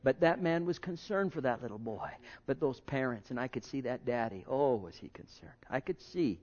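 A man pastor preaching a sermon to his congregation, swinging between loud exhortation and hushed, intimate tones. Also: mid-range voice, expressive, moderate pace, dull audio.

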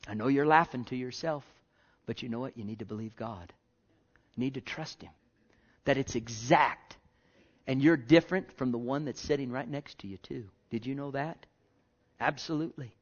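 A man preaching a sermon to his congregation, slow and emphatic, repeating phrases and swinging between quiet and loud. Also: fairly high pitch. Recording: dull lo-fi sound.

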